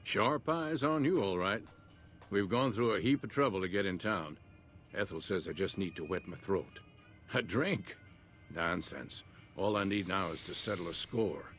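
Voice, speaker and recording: A gruff, bitter old rancher. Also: male voice, sits low, normal speed, fairly bright tone, soft background music. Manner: folksy drawl, grumbling and blunt. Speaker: game character.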